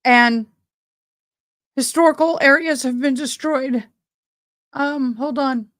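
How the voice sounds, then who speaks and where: A woman's voice: high-pitched, slow, a bit bright, no room sound. A woman hosting a live stream, shaken and tearful as she talks to her viewers. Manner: shaken and tearful, keeps addressing viewers as y'all. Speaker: livestream host. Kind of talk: emotional live commentary.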